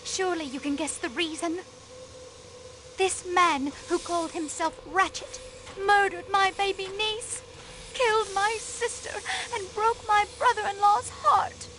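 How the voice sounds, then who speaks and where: A woman's voice: very high-pitched, fairly even intonation, unhurried, noisy background. A woman voicing a proud, secretive countess with an American accent in a mystery game. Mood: defiant. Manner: guarded, breaking into anguished grief. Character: secretive grieving noblewoman, high-strung and proud. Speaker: countess under questioning. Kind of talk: video game voice acting.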